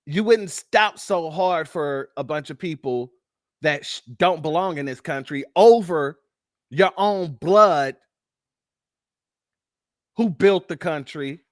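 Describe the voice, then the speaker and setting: A man's voice: high-pitched, no room sound, clean studio sound. A man hosting political commentary, blunt and mocking, firing off rhetorical questions. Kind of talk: ranting commentary on news clips.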